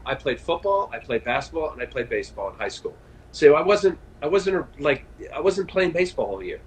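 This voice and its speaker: A man in his fifties, a former pitcher, telling stories in a casual interview over a video call, animated and full of fillers and restarts. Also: a little fast, slight background noise, low-quality recording. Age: 50s. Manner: chatty storyteller, animated, frequent fillers and restarts. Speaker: guest, former baseball pitcher.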